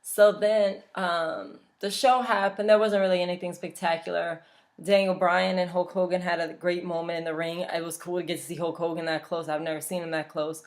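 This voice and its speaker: A woman's voice: lowish voice, flat delivery, normal speed. A young woman from Louisiana, chatting casually and bluntly, swearing freely as a vlogger. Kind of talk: casual chat.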